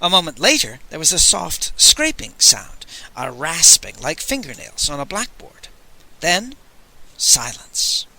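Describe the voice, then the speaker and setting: Lively, bright male audiobook reader. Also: on the high side, a little slow, vocal fry, low-quality recording. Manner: lively, expressive reading. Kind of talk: dramatic audiobook narration.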